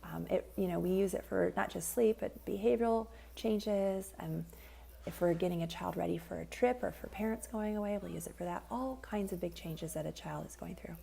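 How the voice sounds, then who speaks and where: A woman parent coach calmly explaining a tip in an unscripted way, with frequent fillers. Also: fairly low pitch, moderate pace, gravelly, slightly rough. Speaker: parent coach and child sleep expert. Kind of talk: informal educational video tip.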